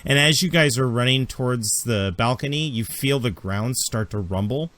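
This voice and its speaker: A man narrating a tabletop role-playing game as game master, unhurried and halting. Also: medium pitch, a bit bright, dry recording.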